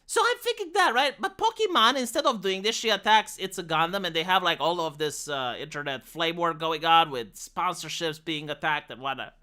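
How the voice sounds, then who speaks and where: A woman's voice: on the low side, lively intonation, normal speed, few pauses, sharp tone. A young woman streamer giving blunt, sweary casual commentary with lots of restarts, from Romania.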